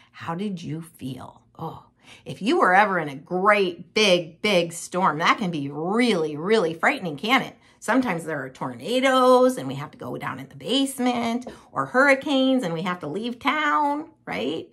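A woman telling a Bible story to young children in an animated, sing-song manner, like a children's Bible teacher. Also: on the low side, husky.

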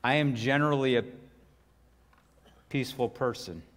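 A middle-aged pastor preaches in a church sanctuary with a homespun, easygoing manner, scattering asides and repeating words. He speaks at a normal pace in a mid-range, fairly bright voice, with the hall's reverberation audible.

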